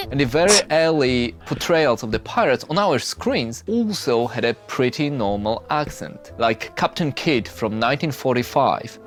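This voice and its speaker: A man giving scripted narration for an explainer video, in a steady explanatory tone. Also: mid-range voice, unhurried, soft background music.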